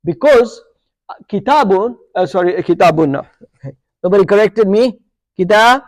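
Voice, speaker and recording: Teaching Arabic grammar to a live class, this man quizzes students, keeps asking "okay?" and "yeah?", and fixes his own slips out loud. His voice sits high and is animated, with a moderate pace and warm tone.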